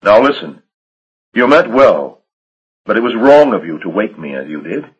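A man voicing a pale, formal, coldly menacing gentleman who speaks in clipped, controlled commands. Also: lowish voice, big pitch swings, moderate pace, breathy edge, lo-fi sound, voice pushed up, full character voice. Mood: stern formal.

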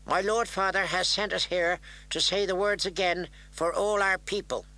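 A man's voice: high-pitched, steady tone, moderate pace, pushed and bright, voice pushed up, low-quality recording. A man voicing a solemn young warrior woman. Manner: solemn, formal oath-giving.

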